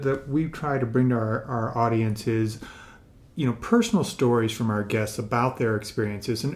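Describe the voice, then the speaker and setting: A man's voice: mid-range voice, a little mellow. A man hosting a podcast, asking guests long, loose questions and agreeing in a casual tone. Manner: casual, affirming, asks long rambling questions. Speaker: podcast host. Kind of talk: interview questions.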